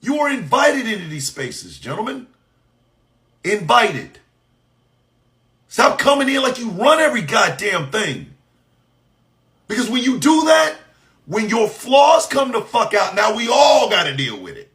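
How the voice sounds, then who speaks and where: A man delivering an impassioned, profane monologue, shouting in bursts and firing off mocking rhetorical questions. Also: high voice, sing-song, a little slow, pauses often.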